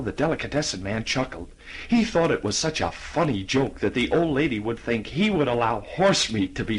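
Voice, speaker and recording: Man reading a kids audiobook, bouncy up and down voice, bit husky. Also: medium pitch, rough recording. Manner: animated, expressive reading. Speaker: audiobook narrator. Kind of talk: storybook narration.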